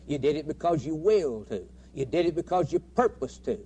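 A man's voice: medium pitch, lively intonation, moderate pace, warm tone, breathy edge. A man preaching a sermon with emphatic, rhythmic repetition.

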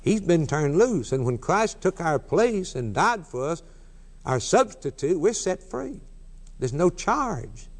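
A man's voice: a little high, very animated, slow. A man preaching a sermon with emphatic, repeated refrains. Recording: long hall reverb.

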